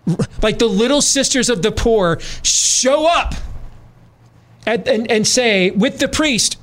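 A man's voice: extremely high pitch, expressive, slow pace, fairly bright tone. A man hosting a talk radio show who gives emphatic opinions and speaks straight to his listeners. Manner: emphatic, addresses listeners directly. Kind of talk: opinionated commentary.

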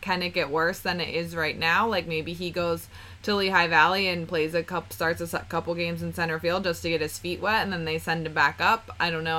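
A woman chats as a podcast guest, her voice on the lower side yet bright. She talks in a relaxed, thoughtful way and hedges her opinions. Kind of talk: casual sports chat.

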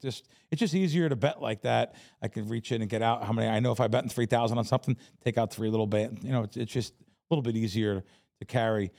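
Blunt New Yorker with a gravelly voice. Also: male voice, medium pitch, fast talker. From New York, the Bronx. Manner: blunt, animated storytelling. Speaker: guest, professional sports bettor. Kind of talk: casual interview chat.

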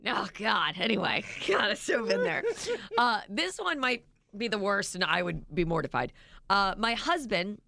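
A woman co-hosting morning radio, reading listener texts aloud and laughing along. Her voice is bright with a creaky edge, recorded dry and close. Faint music sits underneath. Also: mid-range voice, big pitch swings, normal speed, no room sound. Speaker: radio co-host.

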